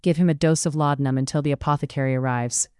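A reserved, proud gentleman of the old gentry, speaking in clipped, formal lines, voiced by an audiobook narrator. The sound is smooth, close and dry, with no room around it. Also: medium pitch, steady tone, quick pace, no room sound, close to an everyday voice. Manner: curt, formal. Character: stoic, curt proud gentleman. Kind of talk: audiobook character reading.

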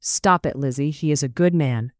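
A narrator voicing a kind, soft-spoken young gentlewoman in an audiobook reading of a period story. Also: medium pitch, normal speed, dry recording, studio quality, close to an everyday voice.

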